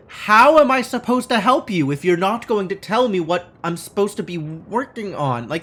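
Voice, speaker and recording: A man streaming a game live, thinking aloud and joking at himself in an animated way. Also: sits high, moderate pace, hardly any pauses.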